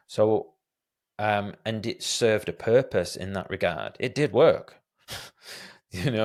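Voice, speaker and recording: A man in his thirties with a lowish voice hosts a solo podcast, answering listener questions. He sounds reflective and hesitant, often using fillers and restarting his sentences.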